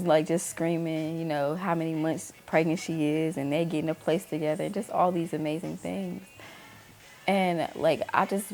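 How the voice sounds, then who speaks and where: A woman's voice: on the low side, gravelly, a little mellow. A woman in her thirties, host of her own talk channel, candidly telling a personal story and acting out the voices of people she quotes. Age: 30s.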